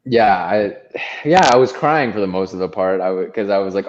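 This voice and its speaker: A man co-hosting a casual chat, telling a story in a relaxed, hesitant way. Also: low voice, moderate pace. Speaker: podcast co-host. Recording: muffled lo-fi sound.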